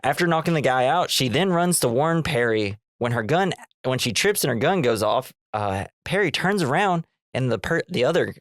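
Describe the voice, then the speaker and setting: A man's voice: medium pitch, lively intonation, moderate pace, hardly any pauses, dry recording, studio quality. A man co-hosting a movie podcast, retelling scenes in casual chat and acting out the characters' lines between laughs. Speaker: podcast co-host.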